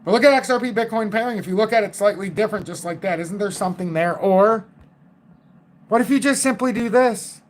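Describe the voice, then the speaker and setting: A man in his early forties talks through market charts on a live stream, excitable and emphatic. His voice sits a little on the high side. He thinks aloud with fillers and drops the odd curse. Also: a little fast. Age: 40s. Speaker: crypto live-stream host.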